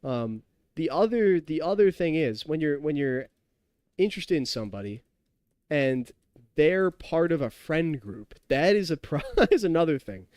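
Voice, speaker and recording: A tipsy young man in his twenties chats loosely on a game stream, his voice sitting a bit high for a man. He rambles, restarts sentences and laughs often as he talks to chat, and the sound is close and dry with no room echo. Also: sing-song, a little slow, a little mellow, clean tone. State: tipsy from drinking. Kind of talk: casual live-stream chat while gaming.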